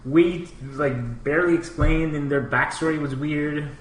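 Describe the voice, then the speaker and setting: A man's voice: fairly high pitch, fairly even intonation, unhurried. A man co-hosting a podcast in casual chat, giving blunt, emphatic opinions. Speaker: podcast co-host. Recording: echoey room with faint noise.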